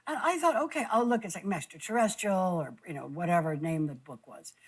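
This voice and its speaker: A woman telling a personal story in a halting way, stumbling and repeating words, close to tears. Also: on the low side, animated, breathy edge, poor audio. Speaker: guest recounting an experience.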